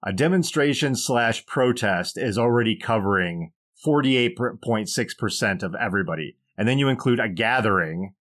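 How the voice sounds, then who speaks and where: A man's voice: lowish voice, expressive, moderate pace, few pauses, a bit bright. A man co-hosting a podcast, reading poll results aloud with dry, wry asides in casual chat. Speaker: podcast co-host.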